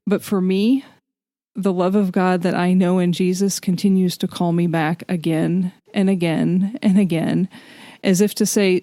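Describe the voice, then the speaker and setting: A woman's voice: on the low side, fairly even intonation, measured pace, a little mellow, dry recording, clean studio sound. A woman co-hosting a faith podcast, talking in an earnest, candid way and laughing easily. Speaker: podcast co-host. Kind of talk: reflective faith podcast chat.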